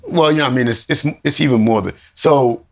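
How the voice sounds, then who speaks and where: Man, podcast co-host, gravelly voice, halting, repeats words, laughs often. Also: mid-range voice. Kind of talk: casual conversation.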